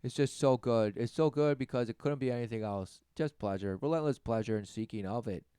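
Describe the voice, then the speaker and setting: A man delivering a mocking sermon rant, often mimicking others in high, sarcastic voices. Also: brisk, dark tone, clear, resonant tone, no room sound, clean studio sound. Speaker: preacher.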